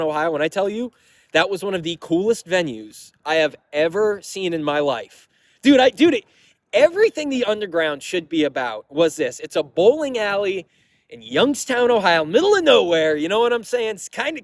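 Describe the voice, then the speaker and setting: A young man from Massachusetts rambles through a story for his channel, swearing freely and breaking off into asides. His voice sits fairly high, and the sound is dry and close. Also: no echo. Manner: rambling, profane, laughing, quick asides. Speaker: metal vlogger. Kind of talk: casual storytelling to camera.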